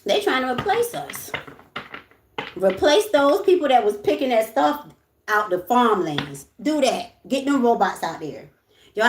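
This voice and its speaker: A woman's voice: medium pitch, reverberant, a little hiss or hum. A woman hosting a casual livestream, talking bluntly with lots of swearing, moving between ranting and soothing her viewers. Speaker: livestream host.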